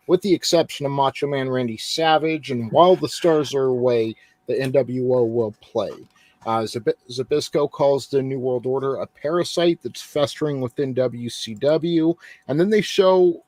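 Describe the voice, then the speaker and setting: A man hosting a wrestling podcast, recapping shows in a laid-back way with quick asides. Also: medium pitch, a little mellow, no echo. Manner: laid-back, reads results with asides and fillers. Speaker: podcast host.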